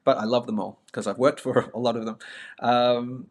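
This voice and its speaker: A man's voice: medium pitch, steady tone, normal speed. A middle-aged man with a mild Melbourne Australian accent, hosting a live stream in a chatty, self-mocking way and talking straight to his viewers. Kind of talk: casual live-stream chat.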